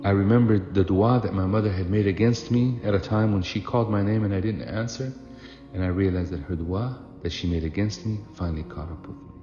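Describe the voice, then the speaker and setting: A man voicing a humble, pious hermit who speaks quietly and calmly, recorded in an echoey hall with music behind. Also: fairly low pitch, fairly quick, dull audio, natural voice.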